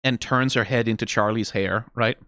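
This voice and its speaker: A man hosting a reaction video, talking through the animation in a casual, animated way, full of "like" and "right?" and the odd curse. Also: lowish voice, moderate pace, dry recording, clean studio sound. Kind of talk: casual analytical commentary.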